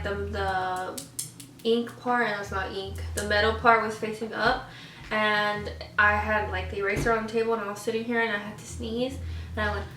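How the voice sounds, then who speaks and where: Young woman, vlogger, animated storyteller, bright high voice, a bit far from the mic, echoey room. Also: a little hiss or hum. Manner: animated, acts out scenes and voices. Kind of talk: casual storytelling over a meal. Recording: roomy echo, voice off-mic.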